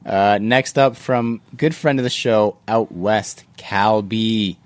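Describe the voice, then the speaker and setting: A man with a Canadian accent hosting a casual podcast, reading out listener messages in a relaxed, joking way and correcting himself as he goes. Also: fairly low pitch, takes it slowly, slight background noise. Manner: relaxed, jokey, self-correcting. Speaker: podcast host.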